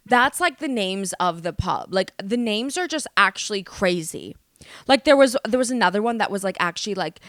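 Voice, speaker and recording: A woman's voice: mid-range voice, big pitch swings, moderate pace, fairly bright tone, no echo, studio quality. A young woman hosting a comedic solo podcast, rambling animatedly, swearing and poking fun at herself. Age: young adult. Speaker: podcast host.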